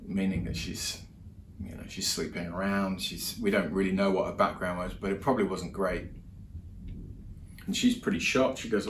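A man with a lowish voice preaches in a relaxed, conversational way, retelling stories and often restarting his sentences. The sound is roomy, like a church hall, with a faint hum of ambience underneath. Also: normal speed. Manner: conversational storytelling with many restarts. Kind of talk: sermon.

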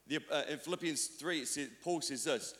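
A man's voice: fairly high pitch, a little fast, fairly bright tone. A male pastor from New Zealand preaching a sermon, telling stories in a conversational, self-deprecating way with many restarts. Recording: long reverb of a church hall.

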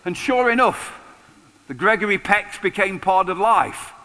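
A pastor in his sixties giving a lively, conversational sermon with touches of humor. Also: high voice, measured pace. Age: 60s. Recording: long hall reverb.

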